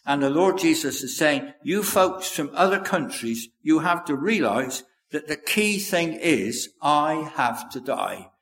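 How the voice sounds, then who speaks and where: Guy giving a sermon in a roomy echoey church, a bit high-pitched, reads scripture out. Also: lively intonation, fairly bright tone. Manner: measured, earnest, quotes scripture aloud. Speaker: preacher. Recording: echoey hall with long reverb.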